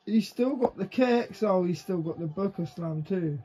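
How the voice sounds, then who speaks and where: A man giving casual, excitable reaction commentary to the screen, swearing freely. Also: sits high, moderate pace. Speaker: reaction video creator.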